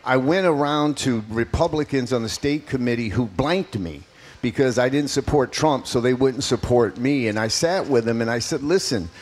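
A man's voice: medium pitch, moderate pace, darkish tone. Earnest man in his fifties. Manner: earnest, personal, emphatic storytelling. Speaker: political candidate guest. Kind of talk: radio interview answers.

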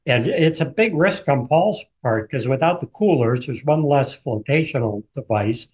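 A man speaking as an author on a radio interview. He retells events in a vivid, storytelling way at a middle pitch. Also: animated, normal speed, husky.

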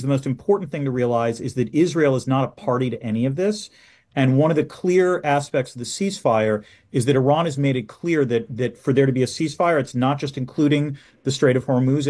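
A male professor joins a radio show by video call. He explains things in a measured, steady way, with frequent "um"s. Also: mid-range voice. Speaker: professor guest. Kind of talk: expert radio interview.

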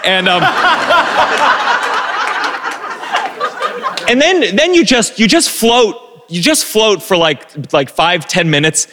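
A man telling a self-deprecating personal story on a live stage, animated, with stumbling restarts. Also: very high voice, extremely slow, long pauses, long reverb tail, background noise. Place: live stage before an audience.

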